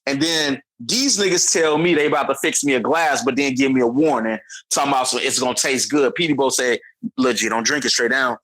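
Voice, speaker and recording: A man's voice: mid-range voice, brisk, fairly bright tone, rough recording. A man from Chicago co-hosting a podcast, telling rambling, profane stories in casual chat. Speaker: podcast co-host.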